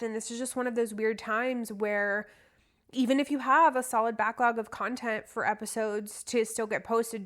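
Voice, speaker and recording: A woman's voice: fairly high pitch, a bit bright. A young adult woman hosting a book podcast, talking casually and candidly, a little rambling. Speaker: podcast host. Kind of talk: casual solo podcast chat.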